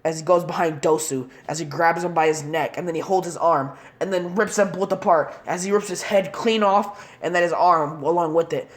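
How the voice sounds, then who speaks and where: A woman's voice: fairly low pitch, normal speed, hardly any pauses. A woman casually narrating a fan-made story in long, rambling run-on sentences.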